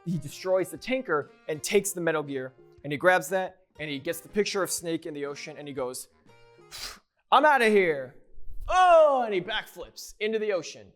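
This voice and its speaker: A man's voice: fairly high pitch, fairly quick, few pauses, faint music behind. A man casually recapping video game lore, rambling and joking as he corrects himself along the way. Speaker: YouTuber.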